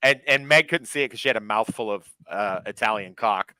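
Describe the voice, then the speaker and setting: Crude, bright-voiced podcast guy. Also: lowish voice, brisk, clean tone, no room sound, low-quality recording. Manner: crude, profane, animated storytelling. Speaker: podcast co-host. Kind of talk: casual chat.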